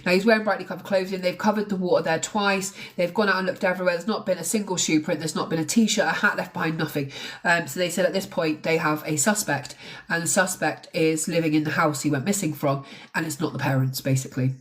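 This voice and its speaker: A woman's voice: on the low side, fairly even intonation, quick pace, hardly any pauses. A woman talking casually on a live stream about a crime case, chatty and blunt, with the odd swear. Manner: chatty, swears, mocks accents.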